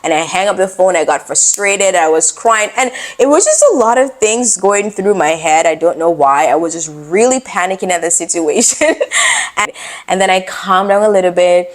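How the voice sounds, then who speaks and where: A young adult woman vlogger telling a personal story in a casual, expressive, animated way. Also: lowish voice, normal speed.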